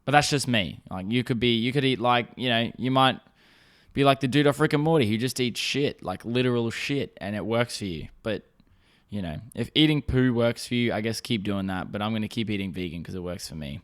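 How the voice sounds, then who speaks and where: A man's voice: medium pitch, lively intonation, brisk. A young man hosting a casual solo podcast, rambling and swearing with lots of fillers, coming down with a sore throat. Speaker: podcast host.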